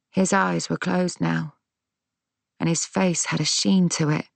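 A woman narrating a first-person audiobook in a measured, tense, dramatic way. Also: lowish voice, fairly even intonation, creaky, dry recording.

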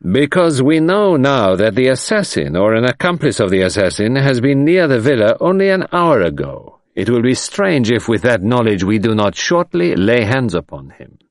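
A man reading an audiobook voices a cold, imperturbable detective who speaks smoothly with a hint of menace. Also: medium pitch, sing-song, moderate pace, dry recording, clean studio sound, voice pushed up, natural voice.

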